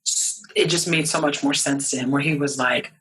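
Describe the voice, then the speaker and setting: A woman's voice: low-pitched, steady tone, moderate pace, fairly bright tone, breathy edge, poor audio. A young woman from New York, a guest in a casual interview, talking animatedly and acting out quoted voices. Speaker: podcast guest.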